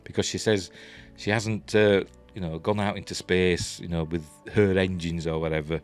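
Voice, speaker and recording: A man's voice: sits low, fairly even intonation, normal speed, faint music behind. A man with a Yorkshire accent reviewing a TV episode in a casual, rambling way, full of fillers and restarts. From Yorkshire, England.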